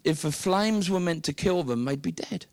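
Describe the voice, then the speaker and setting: A British man preaching a sermon, telling the story with lively, acted-out dialogue. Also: on the high side, normal speed, no room sound. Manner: animated storytelling, acting out the characters.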